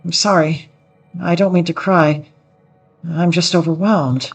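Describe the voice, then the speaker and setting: A man's voice: medium pitch, normal speed, breathy edge, faint music behind, close to an everyday voice. A man voicing an earnest young female noble swordswoman of the plains, reading game dialogue aloud in a heartfelt, eager manner. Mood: joyful, tearful.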